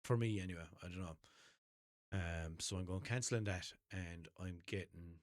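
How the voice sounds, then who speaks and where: A man's voice: low-pitched, normal speed, no echo, clean studio sound. An Irish man hosting his own podcast, rambling cheekily and swearing through an unscripted monologue from a chair at home. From Ireland. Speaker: podcast host. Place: home room, seated in a chair. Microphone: headphones and desk mic.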